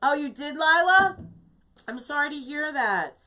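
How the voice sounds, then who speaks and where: A woman's voice: sits high, animated, unhurried, sharp tone. A woman hosting a casual live-streamed wreath-making tutorial, chatting to viewers, greeting them by name and checking in with "okay?" from a home craft space. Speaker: craft livestream host.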